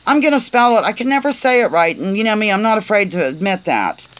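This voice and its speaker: A chatty woman hosting a casual live stream, with a playful, rambling way of talking and a bright, sharp tone. She reads aloud in fits and starts and cheerfully trips over words as she goes. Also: mid-range voice, very animated, fast talker, poor audio. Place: on a porch, outdoors.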